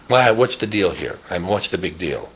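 A sour, standoffish grouch who rattles off his dismissive grumbles in a low, husky voice, as a storyteller plays him. The tone stays bright and edged even while it is deep. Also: moderate pace, full character voice. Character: grumpy aloof man who acts unimpressed.

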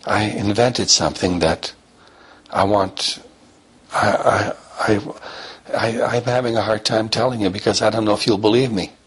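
Guy playing an excitable grandson, halting and stammery, low husky voice. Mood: hesitant. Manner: hesitant, stammering restarts. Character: eager young grandson, secretive and excitable.

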